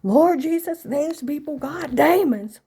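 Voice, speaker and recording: A woman voicing her very old, devout, hot-headed mother, who yells and scolds and calls on the Lord. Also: expressive, takes it slowly, full character voice. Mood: outraged. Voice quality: loud, screaming, shrill. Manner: preachy, scolding, calling on the Lord.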